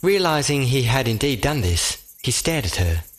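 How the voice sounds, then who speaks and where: Measured male storybook narrator. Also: mid-range voice, big pitch swings, husky. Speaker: audiobook narrator.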